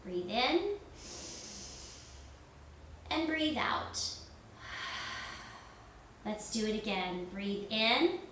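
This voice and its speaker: A woman leading a yoga lesson for children, giving slow, gentle, sing-song instructions. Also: fairly high pitch, sing-song, a little hiss or hum. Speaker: kids yoga teacher. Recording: echoey room, voice from far off.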